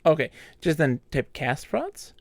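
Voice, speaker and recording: A man's voice: fairly high pitch, very animated, measured pace, creaky, a little hiss or hum. A man co-hosting a game stream, playfully calling out moves and reading chat. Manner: playful, bursts into silly voices. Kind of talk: casual co-op gaming chat.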